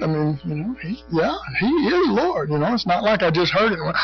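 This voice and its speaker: A middle-aged or older man leads a Bible study in a loose, rambling preaching style, peppered with "you know" and clearing his throat. His voice sits high for a man. The recording is dull and lo-fi, with faint music underneath. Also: sing-song, brisk, few pauses. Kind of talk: conversational sermon teaching.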